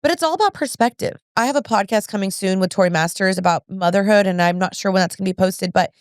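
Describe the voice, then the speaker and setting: A woman's voice: mid-range voice, fast talker, dry recording, studio quality. A woman in her thirties hosting a podcast, talking in an earnest, chatty way with lots of fillers. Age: 30s. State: pregnant. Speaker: podcast host. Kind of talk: casual chat.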